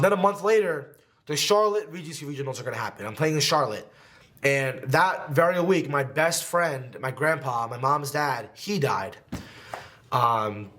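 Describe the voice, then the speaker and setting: A young man from New Jersey speaks candidly to camera from his home podcast studio. His voice sits slightly high, and he talks with emotion, often pausing on fillers. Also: a bit bright. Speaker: competitive gaming creator. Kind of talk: personal storytelling to camera.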